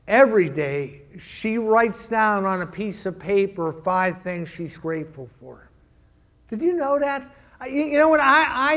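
Man, pastor, sermon, slow, stammering repeats, high voice. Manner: stammering repetitions, storytelling. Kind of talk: sermon with a joke. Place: church.

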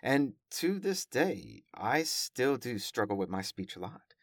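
In a clean studio recording with no echo, a man with a mid-range, gravelly voice talks in an unhurried way, his pitch swinging widely. He's a professor and podcaster giving a casual, chatty monologue, carefully over-pronouncing words, often self-correcting, and using plenty of fillers.

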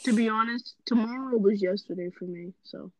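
A woman's voice: mid-range voice, moderate pace, darkish tone, dry recording. A young woman co-hosting a casual chat podcast, making jokey, dramatic quips. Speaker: co-host.

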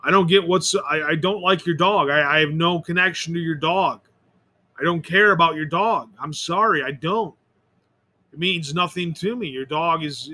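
Speaking alone as a podcast host, this man rambles and airs strong opinions in a voice that sits high for a male. Bright and sharp in tone from start to finish, he often trips on his words and loops back to earlier points.

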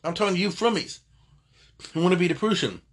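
A man's voice: sits high, animated, quick pace. An older man teaching an informal Talmud class, digressive and conversational, often stopping to correct himself. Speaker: Torah teacher.

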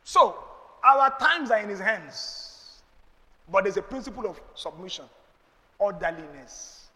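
A middle-aged Nigerian-accented pastor speaks a little slowly in a high, animated voice, with a long reverb tail behind him. Answering questions in church, he preaches emphatically and rhetorically, breaking into sudden loud bursts.

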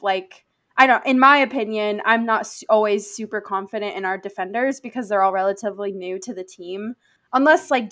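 A woman's voice: medium pitch, fairly bright tone. A young woman co-hosting a casual sports podcast, joking playfully and restarting her sentences as she thinks. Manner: quick, playful, halting restarts. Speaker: podcast co-host.

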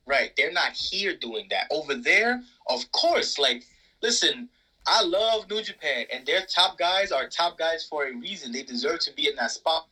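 Animated, husky-voiced man with a bright tone. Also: fairly high pitch, normal speed, rough recording. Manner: animated, profane, emphatic. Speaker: podcast co-host. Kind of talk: casual wrestling chat.

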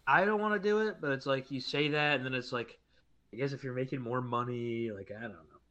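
A man's voice: mid-range voice, fairly quick, sharp tone, muffled recording. A man co-hosting a casual podcast chat, easygoing and hesitant, often trailing off with "I don't know.". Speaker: podcast co-host.

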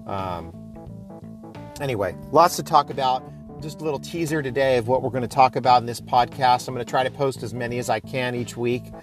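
A man's voice: medium pitch, fairly quick, faint music behind. A man in his thirties hosting his own podcast, chatting casually and rambling with lots of fillers. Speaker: podcast host. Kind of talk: casual solo podcast talk.

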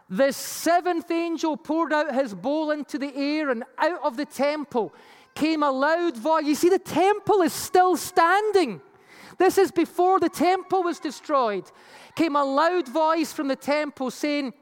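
A preacher giving an animated Bible teaching sermon with slides, acting out the voices it quotes. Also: high-pitched. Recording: long reverb of a large hall.

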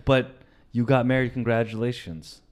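A man in the middle of the usual pitch range co-hosts a casual comedy podcast. He rants in an animated way, swears freely and jokes around. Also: moderate pace. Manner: animated, profane, jokey rants. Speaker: podcast co-host.

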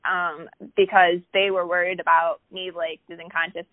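A woman guest chatting casually about her life, telling a story with lively acted-out quotes and lots of "like" fillers. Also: on the low side, moderate pace, dry recording. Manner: animated, acts out quoted voices, many "like" fillers. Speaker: podcast guest. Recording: tinny phone-like line, dry.

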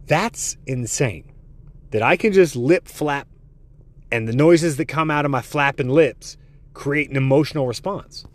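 Male podcast host, profane and excitable, lively pitch. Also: a little fast. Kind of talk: comedic podcast monologue.

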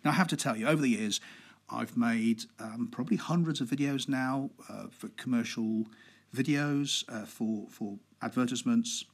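Public speaking is the topic as this podcast host, husky and a touch breathy at medium pitch, talks it through. His tone is casual and conversational, the pace purposely slow, with fillers dropped in.

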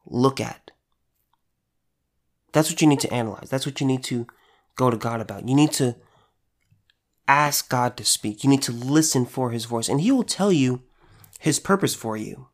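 A man giving an informal devotional talk in an earnest, conversational way, repeating phrases for emphasis. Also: medium pitch. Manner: earnest, conversational, with repetitions and restarts. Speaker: preacher.

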